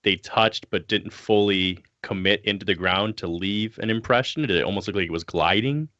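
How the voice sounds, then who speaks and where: A woman chiming in on a casual podcast chat, encouraging and quick to laugh. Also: a bass voice, fairly bright tone. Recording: dry, muffled lo-fi audio.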